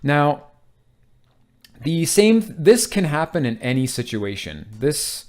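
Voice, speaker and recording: A man's voice: fairly high pitch, big pitch swings, slow pace, darkish tone. A man giving a casual, rambling tech tutorial, joking around, making little sound effects and tossing in asides. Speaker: IT tech explainer.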